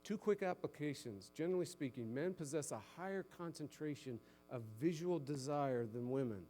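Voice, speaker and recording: A man preaching from the pulpit, with a voice pitched a little above the usual for a man. He swings from loud, emphatic exhortation down to low, soft asides. A faint electrical hum sits under the recording. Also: lively intonation, normal speed. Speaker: pastor. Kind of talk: sermon.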